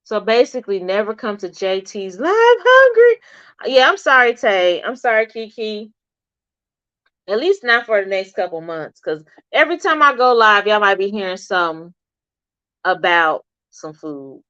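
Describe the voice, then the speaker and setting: A woman's voice: mid-range voice, moderate pace, no room sound. A middle-aged woman chatting casually with viewers on a livestream and answering their comments. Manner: chatty, animated, talks back to viewers' comments. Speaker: livestream host. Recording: dull, slightly lo-fi stream audio.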